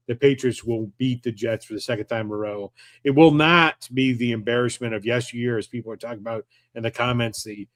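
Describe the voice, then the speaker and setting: A man co-hosting a casual sports podcast, telling stories in an animated, irreverent, joking way. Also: mid-range voice, dry recording. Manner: animated, irreverent storytelling with jokes. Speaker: co-host.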